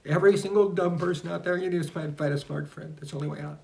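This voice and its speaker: A man reading and commenting on his own book in a casual, rambling way, sometimes getting emotional and dropping into soft, breathy asides. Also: on the high side, steady tone, quick pace. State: choked up at times.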